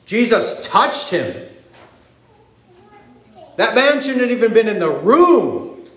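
Male pastor, high voice, lively storytelling sermon, reverberant room. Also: takes it slowly. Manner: animated preaching, acting out voices in the story. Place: church sanctuary. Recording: echoey church room.

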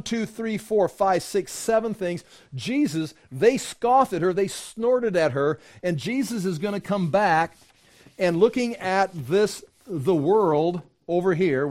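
A man preaching a sermon, teaching from scripture in a conversational, animated way, acting out quoted voices. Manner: animated, acts out quoted voices with rising pitch; conversational, with fillers and restarts. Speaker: pastor.

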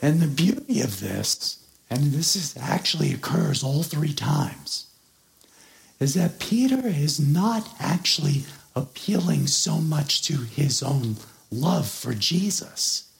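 A male pastor preaching at an unhurried pace, his voice rough with gravelly fry. He teaches earnestly and leans hard on key words. His pitch climbs and falls in a lively way as he unpacks the scripture. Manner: explains and expounds on a scripture passage. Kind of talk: sermon.

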